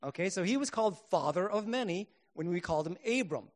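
A man's voice: sits high, expressive, quick pace. Earnest man preaching a testimony sermon. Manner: earnest, rises to emphatic bursts then drops quiet.

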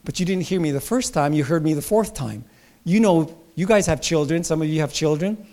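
Guy pastor preaching, kinda high voice, punches words then goes soft. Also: animated, brisk. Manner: emphatic preaching with sudden loud rises and soft drops. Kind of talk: sermon.

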